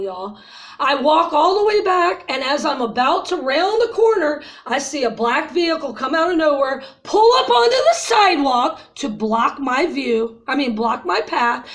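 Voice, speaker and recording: In an emotional vent to her viewers, this vlogger in her fifties sounds agitated and upset from crying, ranting and calling everyone "y'all." Her voice sits high with a fairly bright tone.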